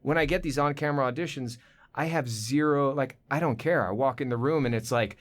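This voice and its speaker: A man from the United States, a guest voice actor in a casual interview, telling lively stories and slipping into voices. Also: medium pitch, a little fast. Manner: animated storyteller, slips into voices and impressions.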